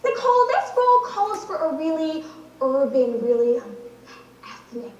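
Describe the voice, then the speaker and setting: A teenage girl voicing a pushy, excitable casting director, recorded from a distance in an echoey hall. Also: high-pitched, normal speed, muffled recording. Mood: coaxing. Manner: coaxing, gushing, overexcited.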